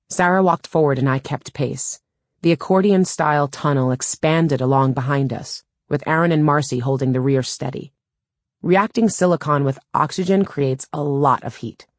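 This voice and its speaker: A woman's voice: extremely low pitch, moderate pace, no room sound. A woman reading a first-person audiobook in a wry, dry storytelling manner, close to a studio mic. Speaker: audiobook narrator.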